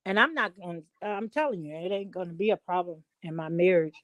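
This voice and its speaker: A middle-aged woman on a call-in talk show, telling a story at length in an emphatic, animated way. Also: on the low side, brisk, no echo. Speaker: guest. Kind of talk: casual chat.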